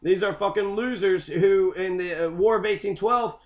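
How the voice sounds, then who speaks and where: High-voiced man ranting with profanity. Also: normal speed. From Kentucky. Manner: heated, sarcastic, constant swearing.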